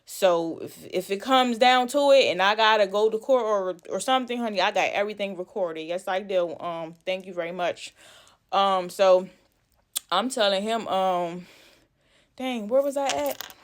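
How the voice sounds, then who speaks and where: A woman's voice: mid-range voice, moderate pace. A woman vlogger chatting casually through a gossipy story, acting out what people said, recorded on her phone. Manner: animated, talkative, acts out quoted dialogue.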